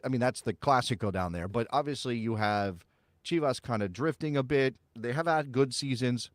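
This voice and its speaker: Male co-host, animated and teasing, dry close sound. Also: mid-range voice, no room sound. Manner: animated and mocking, laughs often, many restarts. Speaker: podcast co-host. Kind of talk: casual sports chat.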